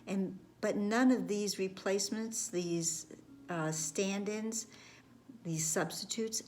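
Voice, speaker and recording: A woman giving a reflective spiritual lesson, speaking gently with repeated phrases and some words dropped to a whisper. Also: medium pitch, a little hiss or hum. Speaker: spiritual course teacher.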